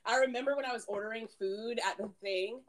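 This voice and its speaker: A woman's voice: fairly high pitch, fast talker. A woman in her late twenties co-hosting a podcast, chatting casually with friends and filling her talk with "like" and "um". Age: 20s. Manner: chatty, giggly, lots of "like" and "um". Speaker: podcast co-host. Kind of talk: casual chat.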